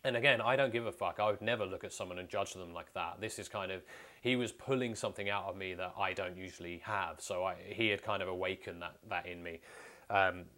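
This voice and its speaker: A man with a low, deep voice tells personal stories to camera in a casual way. He talks candidly and bluntly, with plenty of swearing. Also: brisk, sharp tone. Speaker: vlogger.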